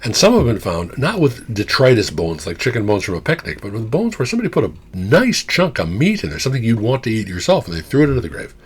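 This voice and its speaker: A man giving an informal psychology lecture, animated, with wry asides and frequent "okay?" check-ins. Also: mid-range voice, quick pace, hardly any pauses, slightly rough.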